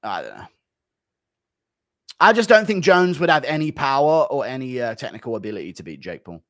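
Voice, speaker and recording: A man on a livestream, firing off blunt, dismissive verdicts to chat questions. His voice sits in a middling pitch and the sound is dry and close. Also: sing-song, a little fast, a bit bright, no echo. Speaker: streamer.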